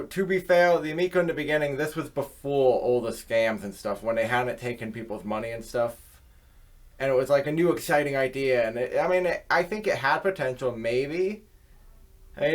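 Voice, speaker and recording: A man hosting his own channel, delivering a rambling, profane casual rant filled with fillers. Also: medium pitch. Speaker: channel host.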